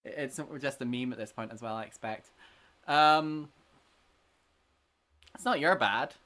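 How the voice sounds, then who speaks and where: A man's voice: medium pitch, a little slow, sharp tone. A man hosting a casual livestream, chatty and self-deprecating. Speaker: stream host.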